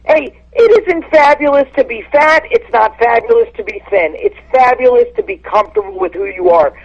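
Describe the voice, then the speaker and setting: A woman's voice: high-pitched, big pitch swings, normal speed, gravelly. Brash woman on a muffled phone line. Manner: blunt, brash insult-comic delivery. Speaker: guest comedian calling in. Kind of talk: phone-in podcast chat.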